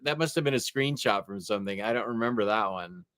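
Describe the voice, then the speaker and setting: A man's voice: fairly low pitch, animated, quick pace, fairly bright tone, smooth, no room sound. A man hosting a casual show, telling stories and chuckling often. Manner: chuckling, storytelling. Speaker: host. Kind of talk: casual chat.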